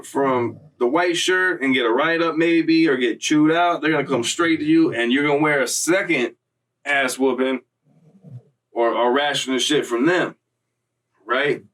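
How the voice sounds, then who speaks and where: A man hosting his own vlog, telling prison stories in slangy, profane, animated casual talk. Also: a little high, measured pace, distant mic. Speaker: vlog host. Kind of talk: casual storytelling.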